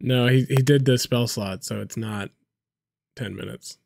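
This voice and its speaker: Gravelly, slow-talking joking man. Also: medium pitch, a little mellow, dry recording, studio quality. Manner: joking, laughs often. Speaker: player. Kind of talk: casual tabletop banter.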